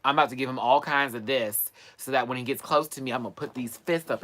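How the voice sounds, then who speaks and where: A man hosting a casual live stream, telling stories in a sassy, animated way full of playful slang. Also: medium pitch, fast talker, few pauses. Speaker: livestream host. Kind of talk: casual livestream chat and storytelling.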